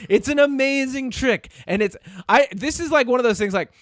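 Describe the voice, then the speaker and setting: A man's voice: very high-pitched, a little fast, no echo, clean studio sound. A man co-hosting a podcast in casual chat, telling stories with lots of laughter and acted-out quotes. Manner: animated storyteller, laughs often, acts out quotes. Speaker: podcast co-host.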